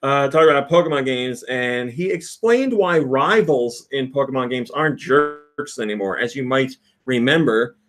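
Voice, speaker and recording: A man's voice: mid-range voice, normal speed, hardly any pauses, fairly bright tone. A man hosting a casual podcast, reading out news and telling stories with frequent laughs. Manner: reads out quotes and news, laughs often. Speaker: podcast host.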